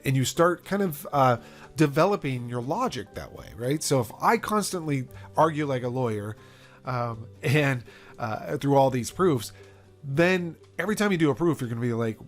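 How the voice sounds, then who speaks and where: A man's voice: a little high, fairly quick, soft background music. A man teaching a math lesson, acting out a proof like a courtroom argument with playful back-and-forth. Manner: animated, acts out courtroom-style arguments. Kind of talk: lively math lecture.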